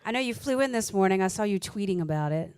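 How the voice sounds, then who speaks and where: A woman's voice: mid-range voice, lively intonation, fast talker, a little mellow, smooth. A woman radio host with a mid-range voice leads a casual studio interview. She talks in a chatty way and laughs easily. The sound is close and dry, with no room echo.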